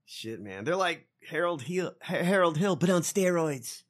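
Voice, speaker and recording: A man co-hosting a podcast in casual chat, swearing freely and reacting quickly. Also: fairly high pitch, animated. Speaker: podcast co-host.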